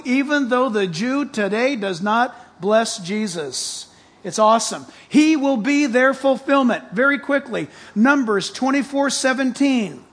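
A man preaching with a very high-pitched voice. He reads scripture aloud and builds to loud, emphatic stretches, sometimes nearly yelling at his congregation. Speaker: pastor. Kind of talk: sermon.

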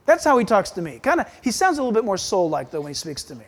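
A man preaches a sermon with great energy and emphasis. His voice swings widely in pitch as he drives his points home. Now and then he acts out the voices he quotes. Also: very animated, fast talker, hardly any pauses, slight background noise. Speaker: pastor.

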